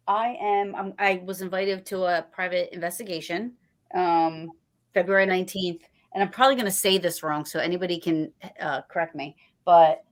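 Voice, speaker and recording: A woman hosting a casual livestream chat, rambling with lots of restarts and fillers. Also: mid-range voice. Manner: rambling, full of "you know" and restarts. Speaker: host.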